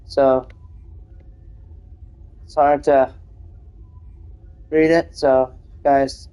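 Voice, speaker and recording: A man's voice: medium pitch, flat delivery, extremely slow, dark tone, smooth, poor audio. A man hosting his own gaming channel, talking casually over his gameplay, hesitant and full of restarts.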